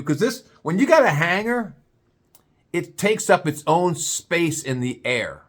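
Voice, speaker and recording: A man telling a comic story in a drawn-out, playful way. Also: medium pitch. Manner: animated, drawn-out comic buildup.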